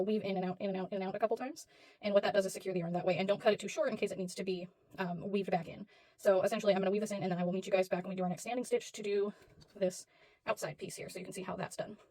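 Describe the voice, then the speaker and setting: A woman's voice: medium pitch, darkish tone. A woman hosting a casual crochet tutorial, talking through each step in a rambling, self-deprecating way with plenty of fillers.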